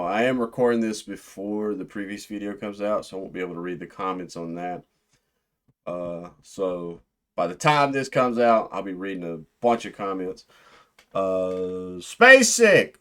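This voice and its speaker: A man hosting a music reaction video, talking casually in a jokey, excitable way with sudden loud outbursts. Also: deep voice, normal speed. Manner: jokey, excitable, big swings in loudness.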